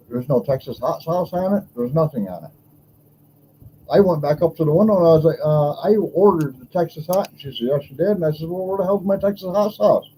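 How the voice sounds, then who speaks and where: A man tells a story in a blunt, complaining, casual rant, acting out both sides of each exchange. His voice sits a bit high for a man but sounds mellow and soft-edged. A faint steady hum runs under the recording. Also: low-quality recording. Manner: aggrieved, blunt, acts out dialogue. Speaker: podcast host.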